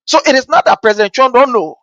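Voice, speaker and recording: A man giving rambling, animated political commentary full of fillers and restarts, living in America. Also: extremely high pitch, fast, no echo. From Liberia. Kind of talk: casual commentary monologue. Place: lives in America. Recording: dull, lo-fi dry sound.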